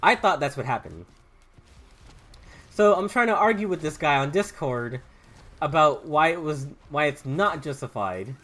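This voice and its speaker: A man's voice: fairly high pitch, animated, a little slow, long pauses, a bit bright. Rambling young man with a southern accent. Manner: rambling, stammering restarts, swears. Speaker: gaming YouTuber. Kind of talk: rambling commentary while gaming. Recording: faint game music behind.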